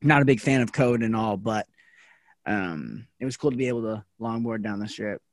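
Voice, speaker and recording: A man hosting a podcast in casual chat, relaxed and talkative. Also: fairly low pitch, brisk, dry recording. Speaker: podcast host.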